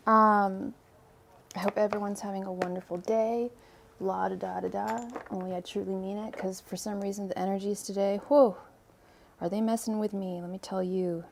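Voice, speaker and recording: A woman's voice: mid-range voice, level tone, moderate pace, vocal fry, a little hiss or hum. A young woman from Ireland hosting a tarot livestream, chatting casually and rambling as she greets viewers by name. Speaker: tarot reader and livestream host.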